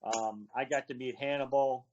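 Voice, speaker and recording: A man's voice: medium pitch, normal speed, dull audio, slight background noise. A man telling road stories over a video call, acting out other people's lines as he goes. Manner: animated storyteller acting out quoted voices. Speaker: wrestling referee, guest.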